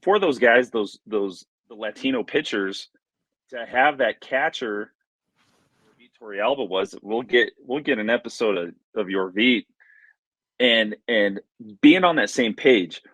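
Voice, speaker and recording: A man co-hosting a sports podcast, reminiscing in a halting way with many restarts. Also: on the low side, a bit bright, no room sound, poor audio. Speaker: podcast co-host. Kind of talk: casual sports chat.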